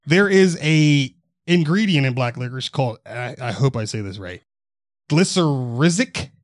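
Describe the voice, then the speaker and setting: A man's voice: mid-range voice, moderate pace, no echo, studio quality. A man co-hosting a podcast, telling a news story casually with rambling, profane asides. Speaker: podcast co-host.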